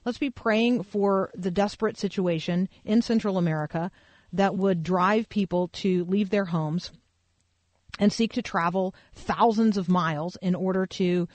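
A woman hosts a faith-based radio talk show, her voice close and dry in the studio. She talks through the headlines casually, in a middle-pitched voice. She pads her thoughts with fillers and restarts. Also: measured pace, darkish tone, no room sound. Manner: conversational, many fillers, thinks aloud. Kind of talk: faith-based news commentary.

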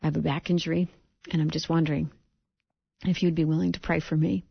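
A woman's voice: sits low, flat delivery, quick pace, vocal fry, husky, lo-fi sound, heavily acted. Woman voicing a shy hurt teenage boy. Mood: timid. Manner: timid, polite request. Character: shy injured teenage boy asking for prayer.

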